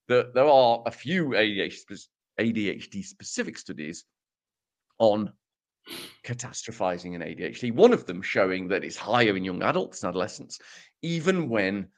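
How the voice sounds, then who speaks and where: A man co-hosting a casual podcast, summing up research with wry, self-mocking jokes. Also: lowish voice. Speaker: podcast co-host presenting research.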